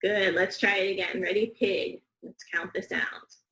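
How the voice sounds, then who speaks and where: A woman teaching young students a phonics lesson, slow, clear and encouraging, with call-and-response counting. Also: medium pitch, level tone, bright, forceful tone, roomy sound, rough recording.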